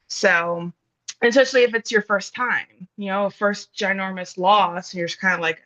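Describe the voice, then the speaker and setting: Woman, earnest casual talker, bright tone, muffled lo-fi recording. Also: medium pitch, normal speed. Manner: earnest, thinking aloud with many fillers and restarts. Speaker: guest speaking on grief. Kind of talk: casual conversation.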